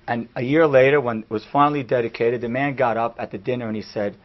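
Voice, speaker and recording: A man, a rabbi giving a class, telling a story in an animated way that swings from hushed to loud. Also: mid-range voice, quick pace. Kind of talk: storytelling lecture. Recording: dull lo-fi recording.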